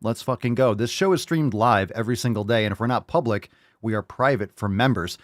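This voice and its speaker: Loud hyped-up male podcast host. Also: lowish voice, brisk, no echo, clean studio sound. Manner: loud, hyped and profane, with mock shouts and crowd-hyping calls. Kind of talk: casual live-stream show intro.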